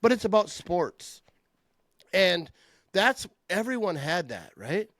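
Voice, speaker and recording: A middle-aged man with a fairly high voice hosts a casual sports chat. He talks animated and trash-talking, and laughs often. The sound is dry and close, with no room in it. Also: slow pace, dry recording. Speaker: podcast host.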